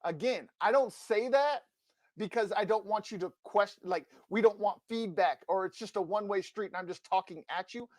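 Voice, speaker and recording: A man's voice: high-pitched, normal speed, dry recording. A man co-hosting a sports podcast, ranting with passion and emphatic, combative insistence into a close mic. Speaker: podcast co-host. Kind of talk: fired-up sports rant.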